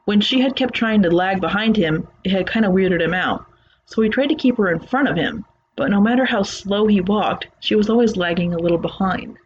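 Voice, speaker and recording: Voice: mid-range voice, lo-fi sound, slight background noise. A narrator reading a first-person horror story aloud in a plain, conversational retelling.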